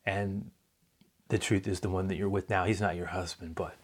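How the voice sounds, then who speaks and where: A calm, knowing Jesus speaks low and quiet, drawing out words with tenderness, as a man preaching puts him on. The voice is deep and hushed, slipping into near-whispers in a sermon retelling. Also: slightly rough, full character voice. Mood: tender. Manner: soft, hushed, slow and tender.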